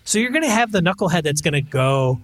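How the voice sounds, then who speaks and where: A man's voice: on the high side, big pitch swings, fast talker. A man co-hosting a casual podcast, chatting, asking questions and playing out sample player lines. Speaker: podcast co-host.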